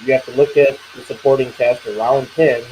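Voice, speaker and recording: Measured man laying out football scenarios. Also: medium pitch, steady tone, a little mellow. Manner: measured, lays out scenarios step by step. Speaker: panelist. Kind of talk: sports talk argument. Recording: noisy background.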